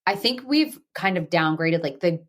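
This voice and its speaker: A woman hosting a casual podcast chat, her voice sitting a little low. She talks frankly, swears freely and leans on "like" as a filler. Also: animated, normal speed. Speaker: podcast host.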